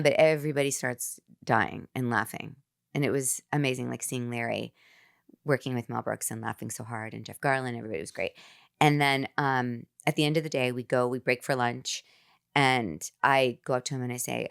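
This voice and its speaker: A woman, an actress, telling a lively anecdote as a podcast guest in a casual chat. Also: very deep voice, normal speed, vocal fry, clean tone. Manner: animated, nervous-laughing anecdotes with fillers.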